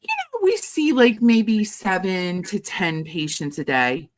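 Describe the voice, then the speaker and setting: A woman's voice: medium pitch, wildly swooping pitch, slow. A woman voicing a bubbly, eager young female job applicant who speaks hesitantly with many fillers.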